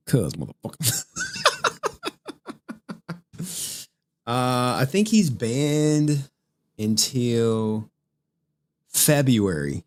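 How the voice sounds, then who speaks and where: A man's voice: mid-range voice, sing-song, very slow, long pauses, a little mellow. Profane laughing male streamer. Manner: profane, laughing, rambling, reads super chats. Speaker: streamer host. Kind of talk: casual live-stream rant.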